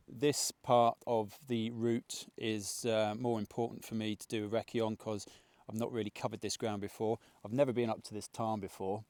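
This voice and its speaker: A chatty man in middle age narrates a hike into a handheld camera, wandering off topic and poking fun at himself. His voice sits at an ordinary middle pitch. The sound is dry and close. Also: darkish tone, clean tone, no echo. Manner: rambling, chatty, self-deprecating. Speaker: fell runner vlogger. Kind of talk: casual outdoor vlog narration. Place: outdoors on open fells.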